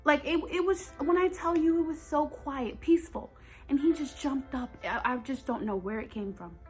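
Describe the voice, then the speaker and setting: A woman's voice: sits high, moderate pace, a little mellow, faint music behind. A young woman telling a personal story in a storytime vlog, talking straight to her viewers with emphasis. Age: young adult.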